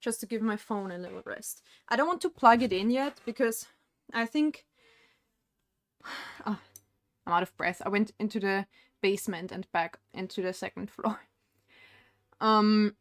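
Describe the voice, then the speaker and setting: A woman's voice: mid-range voice, normal speed, dry recording. A young woman streaming live from home, chatting casually and rambling while she paints, with frequent laughs.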